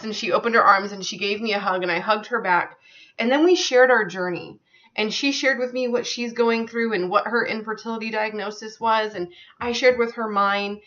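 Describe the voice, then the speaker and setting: A woman's voice: fairly high pitch, a bit bright, dull audio. A woman telling a personal story to her viewers in an earnest, conversational way, with many fillers. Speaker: vlogger.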